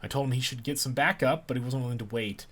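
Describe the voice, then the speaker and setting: A man gives voice to a brisk, talkative young woman behind a shop counter. The voice is only lightly lifted from his ordinary mid-range pitch. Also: a bit bright, slightly rough.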